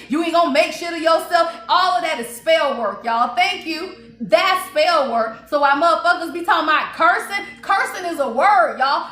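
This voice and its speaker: A woman's voice: high-pitched, sharp tone, reverberant. A woman giving a blunt, profane, preachy spiritual reading on a livestream, laughing often. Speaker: spiritual reader.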